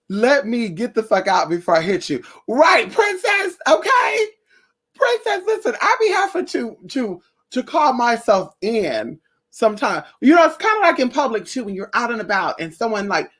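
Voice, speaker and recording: A young woman talks straight to her viewers in a casual vlog. She is blunt and profane, and she tells her stories with animation. Her voice sits at a middle pitch. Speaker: spiritual vlogger.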